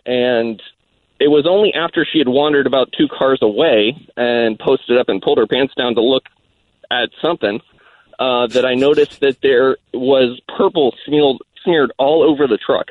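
A man calling in to a radio show, telling a story in a rambling way with lots of pauses and fillers. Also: medium pitch, dry recording. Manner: rambling, hesitant, many fillers. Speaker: caller. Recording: tinny phone line.

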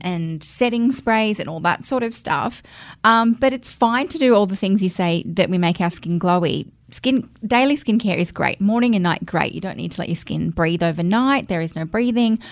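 A woman's voice: medium pitch, no room sound. Chatty woman co-host, matter-of-fact explainer, dry close sound. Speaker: podcast co-host. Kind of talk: casual chat.

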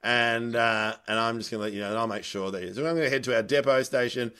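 Animated man telling a story. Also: mid-range voice, quick pace, clean tone. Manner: animated anecdote teller, laughs mid-story. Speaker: stand-up comedian. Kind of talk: casual podcast chat, storytelling.

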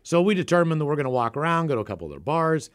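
A man's voice: fairly high pitch, sing-song, very fast. A man from the Seattle area, co-hosting a podcast, telling a profane, rambling story in casual chat. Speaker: podcast co-host.

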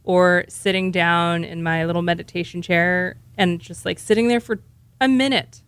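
A woman's voice: lowish voice, steady tone, normal speed, clean tone, no room sound. A woman chatting casually on a podcast segment, candid and rambling, frank about her own habits. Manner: candid, self-deprecating, rambling. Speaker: segment co-host. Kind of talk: casual chat.

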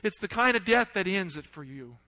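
A man preaching a sermon, asking the congregation questions and swinging between loud, urgent lines and hushed ones. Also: high voice, lively intonation, fairly quick, rough recording. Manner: asks the audience questions.

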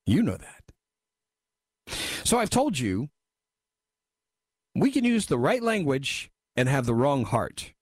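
Man, talk radio host, animated delivery, dry studio sound, emphatic, wry. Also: medium pitch, measured pace, long pauses, dry recording. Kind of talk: talk radio commentary, reading listener messages.

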